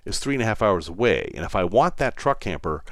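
A man's voice: lowish voice, sing-song, fairly quick, dry recording, studio quality. A man with a Boston accent hosting a podcast, telling a story in a wry, self-deprecating way while in some pain. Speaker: podcast host. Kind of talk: casual storytelling monologue.

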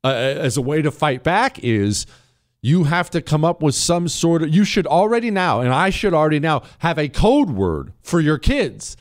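Animated man hosting a talk show. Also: on the high side, moderate pace. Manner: animated, reads listener messages, mocking voices for quotes. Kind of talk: political talk show monologue.

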